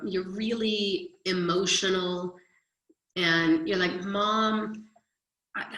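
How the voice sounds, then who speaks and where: Slow-talking woman teacher in echoey room. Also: fairly low pitch, a bit bright. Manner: chatty, explains with everyday examples. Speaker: history teacher. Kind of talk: recorded classroom lecture.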